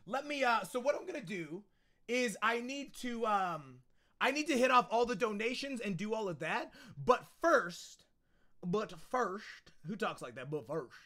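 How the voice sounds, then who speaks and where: A man streaming a video game live, excitable and loud, chatting with viewers and often repeating his phrases. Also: extremely high pitch, normal speed. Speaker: gaming streamer. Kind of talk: energetic livestream chat.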